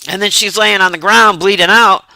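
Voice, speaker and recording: A man's voice: high voice, steady tone, moderate pace, pushed and bright, dry recording, rough recording. A man casually recapping a film plot in a rambling, profane way with frequent laughter. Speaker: movie reviewer.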